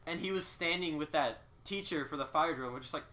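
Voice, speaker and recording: A young man with a bright, forceful voice that sits a little high for a man. He chats loosely on a podcast, breaking into laughter through his stories. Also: quick pace. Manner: laughs often while telling stories, animated. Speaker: podcast co-host. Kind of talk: casual storytelling chat.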